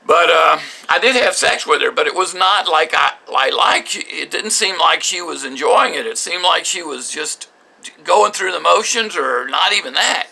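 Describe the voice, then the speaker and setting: Gravelly, forceful older man. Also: a little high, lively intonation. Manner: bitter, halting, with frequent restarts. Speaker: vlogger recounting his marriage. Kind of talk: personal spoken journal.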